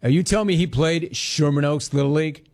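A man's voice: on the high side, gravelly. A man in his forties hosting a casual sports talk show, telling stories and answering his live chat. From Los Angeles area. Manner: animated storytelling, quick asides to chat.

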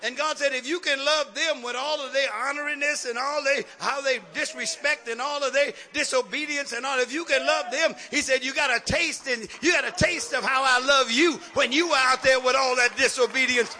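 A man a sermon in a call-and-response style, building from talk to shouts. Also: very high voice, fairly even intonation, moderate pace, few pauses. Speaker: preacher.

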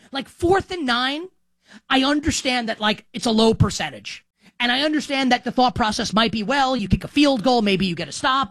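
A man delivering an opinionated sports commentary monologue, his pitch rising and falling in lively swings. He leans heavily on "like" as he talks it through. The recording is close and dry. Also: no room sound. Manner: animated, heavy use of "like". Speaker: sports talk host.

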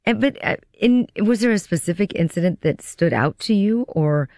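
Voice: medium pitch, expressive, moderate pace, a little mellow, dry recording, clean studio sound. A radio talk show host who is engaged and eager to hear more of a guest's story.

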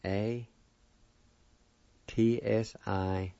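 A man's voice: lowish voice, little pitch movement, very slow, gravelly, warm tone, no echo. A man giving a recorded language lesson, spelling words out letter by letter and sounding them out one syllable at a time. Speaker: language teacher. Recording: dull lo-fi recording.

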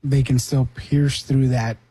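Raspy, dark-voiced radio co-host man. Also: mid-range voice, little pitch movement, unhurried. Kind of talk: casual talk radio banter.

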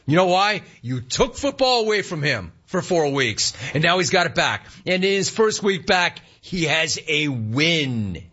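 A man hosting a sports talk radio show, teasing listeners with amused, rapid-fire rhetorical questions. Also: a little high, very animated, pushed and bright, breathy edge, lo-fi sound.

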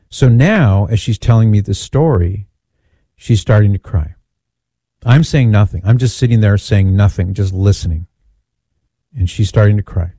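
Dark-voiced man telling a story. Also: on the low side, dry recording. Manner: earnest, measured, repeats phrases for emphasis. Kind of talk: personal storytelling talk.

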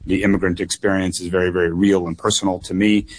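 Guy running for office talking on a radio call-in, kinda low voice, earnest, lots of uhs and repeats. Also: little pitch movement, darkish tone. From United States. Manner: earnest, measured, frequent fillers and repeated words. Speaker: political candidate. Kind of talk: call-in radio interview answers.

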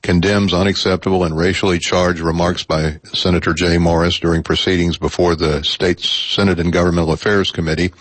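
A very deep-voiced man hosts a radio talk show from a studio mic. He talks in a measured, halting way, pausing on fillers. The sound is close and dry. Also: fairly bright tone, dry recording. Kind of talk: public radio call-in talk. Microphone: studio microphone.

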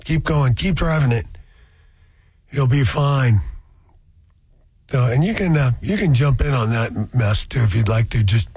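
A man's voice: mid-range voice, a little slow, long pauses, darkish tone, breathy edge. A man hosting a car radio show, rambling through folksy asides in a casual chat.

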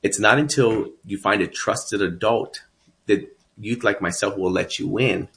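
A man's voice: lowish voice, steady tone, a little slow, creaky, a bit bright. A man from Texas telling his life story as a guest, earnest and emphatic. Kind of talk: personal storytelling.

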